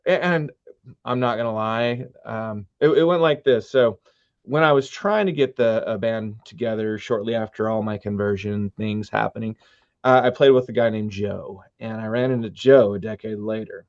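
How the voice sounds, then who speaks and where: A middle-aged man, a musician guest, telling his story with earnest, animated retellings in a casual interview. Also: on the low side, moderate pace, dry recording. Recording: dull dry sound.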